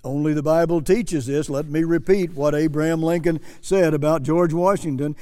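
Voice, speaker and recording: A man's voice: fairly high pitch, fairly even intonation, moderate pace, dark tone, clean tone, long reverb tail. A man preaching earnestly, repeating phrases for emphasis and reading quotes aloud. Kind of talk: sermon commentary.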